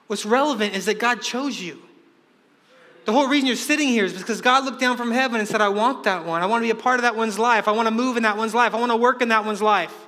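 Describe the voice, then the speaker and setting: Man, pastor, lively sermon, high voice, long hall reverb. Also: quick pace. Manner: energetic preaching, acts out quoted voices.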